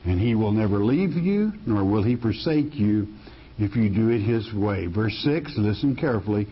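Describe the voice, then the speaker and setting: A man's voice: fairly low pitch, expressive, moderate pace, slightly rough, lo-fi sound. A man preaching a sermon in a folksy, emphatic way, often repeating words as he restarts a thought.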